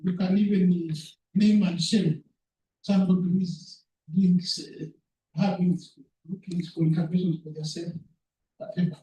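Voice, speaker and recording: Man presenting at a meeting, high voice, dark mellow tone, halting and earnest, repeats words, echoey room, far from mic. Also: steady tone, a little hiss or hum. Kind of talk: conference presentation.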